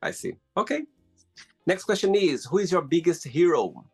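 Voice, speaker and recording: A man's voice: a little high, animated, slightly rough, soft background music. Encouraging male interview host. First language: not English. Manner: encouraging, quick to agree. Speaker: podcast host. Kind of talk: casual interview chat.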